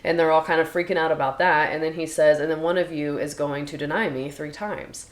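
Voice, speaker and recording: A woman's voice: sits low, fairly even intonation, a little fast. A woman co-hosting a podcast, retelling and discussing Bible passages in a casual, chatty way. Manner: chatty, retells scripture in her own words. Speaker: podcast co-host. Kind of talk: casual Bible study chat.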